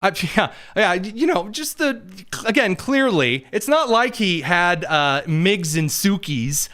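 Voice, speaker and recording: Smooth-voiced sarcastic male host. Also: high voice, expressive, a bit bright. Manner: quick, mocking, jokey asides. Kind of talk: sarcastic political commentary.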